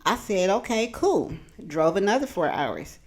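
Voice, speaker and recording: A woman vlogger telling a storytime in casual chat, animated and profane, talking from her home kitchen. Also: mid-range voice, a little slow.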